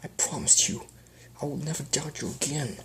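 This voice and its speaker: Man playing a desperate male chaos spirit, raised pitch, pleading, strained whispers, fan audiobook. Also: normal speed, background noise, natural voice. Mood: pleading grief.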